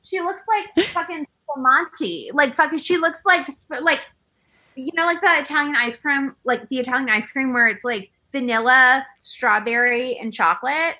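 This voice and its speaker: A woman chatting casually, gossiping in an animated way with lots of "like" and playful impressions of people, in a high girlish voice. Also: normal speed. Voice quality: high girlish voice, self-described baby voice. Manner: gossipy, animated, heavy use of "like", imitates people. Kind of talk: casual chat.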